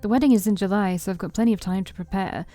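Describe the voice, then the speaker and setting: A woman's voice: medium pitch, fast, dark tone, faint music behind, lightly acted. A woman reading the lines of a cheerful, teasing young woman photographer while playing a story game. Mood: upbeat. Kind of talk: reading a visual novel aloud.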